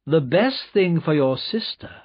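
A man voicing a calm, resolute gentleman. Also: on the high side, husky, no room sound, dull audio, pitched above the performer's own voice. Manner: calm, measured, slow.

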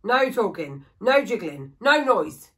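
Female reader voicing a loud barking grumpy old woodcarver, gruff and dismissive. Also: on the high side, normal speed.

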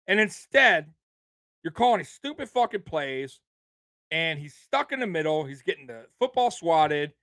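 A fairly high-voiced man rants at his live chat, swearing often and repeating himself as he works up his anger. His voice is close and dry, with no room sound around it. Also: very animated, measured pace, fairly bright tone, no echo. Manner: profane, fired-up, repetitive. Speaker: sports livestream host. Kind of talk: angry fan rant on a livestream.

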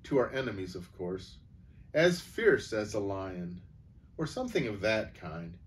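A man's voice: fairly low pitch, sing-song, unhurried. A man voicing a proud, boastful male talking horse who lectures pompously, in a storybook read-aloud. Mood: lecturing, pompous.

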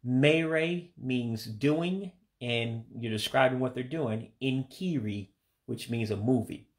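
A man giving a casual vocabulary lesson, speaking slowly and carefully, repeating words with some hesitant fillers. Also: medium pitch. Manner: slow, careful repetition of words. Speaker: language learner teaching vocabulary.

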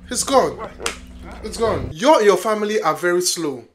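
A movie reaction vlogger chatting casually, talking back to the screen and shouting warnings at the characters. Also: mid-range voice, sing-song, normal speed. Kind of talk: casual live reaction to a film. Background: film soundtrack music playing.

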